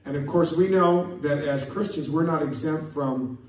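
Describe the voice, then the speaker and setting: A man's voice: fairly high pitch, normal speed. A man preaching a sermon as a pastor, folksy, telling jokes and stories and asking the congregation for amens. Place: church sanctuary. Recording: echoey church from a distant mic.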